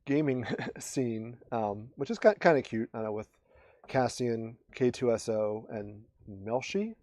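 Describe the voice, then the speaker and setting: Male podcast co-host, mid-pitched, dry close mic, rambling casual recap with lots of restarts. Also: a little slow, a little mellow, no echo. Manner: rambling with many restarts and fillers. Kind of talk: casual chat, recapping episodes.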